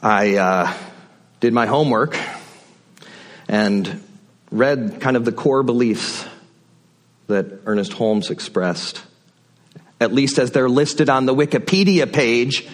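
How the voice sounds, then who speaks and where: A man's voice: medium pitch, takes it slowly, pauses often. A man giving a sermon from a church pulpit, conversational and reflective, with folksy asides. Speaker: guest speaker at the pulpit. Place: church sanctuary.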